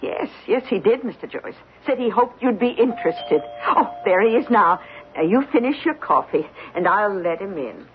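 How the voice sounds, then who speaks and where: An actress playing a devoted, flustered housekeeper in a radio drama, tearful and apologetic. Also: female voice, medium pitch, lively intonation, moderate pace, lightly acted. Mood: earnest. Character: fretful, devoted middle-aged female housekeeper. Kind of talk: 1950s radio drama acting. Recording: dull old radio recording with faint hiss.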